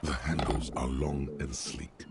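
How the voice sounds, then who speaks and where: A man voicing the wry, grandiose second-person narrator of a detective game, deep and gravelly. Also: flat delivery, measured pace. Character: omniscient inner voice of a detective, male, ironic. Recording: game audio with noticeable background noise.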